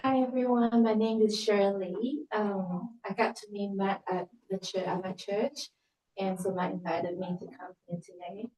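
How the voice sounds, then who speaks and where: A woman from Australia introduces herself to a group, friendly and a little hesitant. Her voice is mellow. She sounds far from the mic in an echoey room. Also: medium pitch, fairly even intonation, moderate pace. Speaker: workshop participant. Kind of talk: self-introduction.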